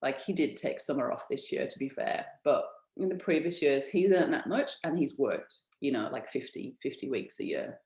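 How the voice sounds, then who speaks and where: A woman's voice: extremely low pitch, lively intonation, moderate pace, a little mellow. Chatty woman presenter, echoey room. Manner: enthusiastic, many ums and restarts. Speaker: business founder presenting an info session. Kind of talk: webinar presentation, casual and chatty.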